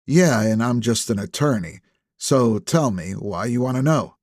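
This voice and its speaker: A man voicing a tense attorney being questioned by police, guarded and quick with retorts. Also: mid-range voice, expressive, darkish tone, dry recording, clean studio sound.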